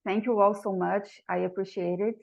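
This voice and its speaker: A woman's voice: medium pitch, steady tone, normal speed, creaky, muffled recording. Woman giving a formal talk. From Brazil. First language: Portuguese. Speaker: guest speaker. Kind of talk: prepared academic presentation.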